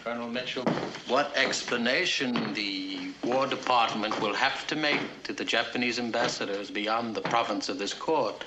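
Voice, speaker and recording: An actor playing a mocking military prosecutor in a 1950s courtroom film, grilling a witness with sarcasm. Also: male voice, lowish voice, close to an everyday voice. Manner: sarcastic, cross-examining, reading documents aloud. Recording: old film soundtrack with faint hiss.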